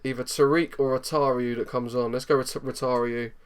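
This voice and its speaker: A man giving excitable live commentary over a football management game, swinging from low muttering to loud outbursts. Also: fairly quick, clean tone. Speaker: gaming YouTuber.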